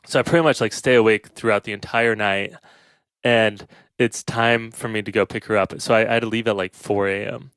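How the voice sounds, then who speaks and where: Animated, swearing male storyteller on a podcast. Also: lowish voice, brisk, clear, resonant tone, no room sound, clean studio sound. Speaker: podcast co-host and band member. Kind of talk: casual chat.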